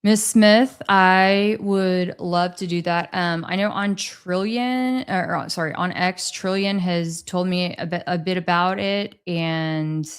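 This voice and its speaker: Slow, low-voiced woman streamer. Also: fairly even intonation, smooth. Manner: rambling, hesitant, with many restarts. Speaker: livestream host reading chat. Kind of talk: casual livestream chat.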